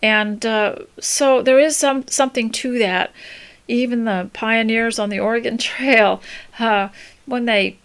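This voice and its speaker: An older woman hosting a homemaking talk, giving gentle, unhurried advice with many pauses and restarts. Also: a little high, fairly even intonation, clear, resonant tone. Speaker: homemaking podcast host. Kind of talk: casual spoken advice talk.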